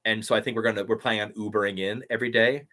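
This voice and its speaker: A man's voice: fairly low pitch, steady tone, rapid-fire, pushed and bright. A young man chatting casually on a live stream, reading out viewer comments and thanking people. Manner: upbeat, reads chat comments aloud and thanks viewers. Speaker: YouTube impressionist answering live chat.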